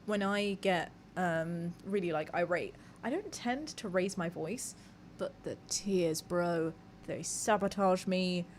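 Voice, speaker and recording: A woman's voice: fairly low pitch, slow pace, slight background noise. A young woman hosting a live podcast, chatting candidly with her audience, reading messages aloud and swearing casually. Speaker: podcast host. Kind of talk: casual live-stream chat.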